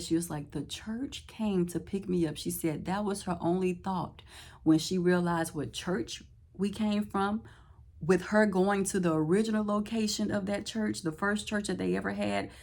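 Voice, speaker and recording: A woman, telling a story casually to camera, animated and laughing often as she acts out what others said. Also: mid-range voice, normal speed. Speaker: vlogger. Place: Houston, Texas.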